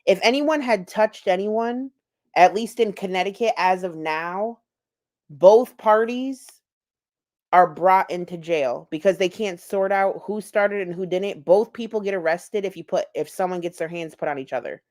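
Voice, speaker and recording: A woman's voice: lowish voice, normal speed, a little mellow. A woman giving casual, profane, gossipy commentary over video clips. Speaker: commentary YouTuber.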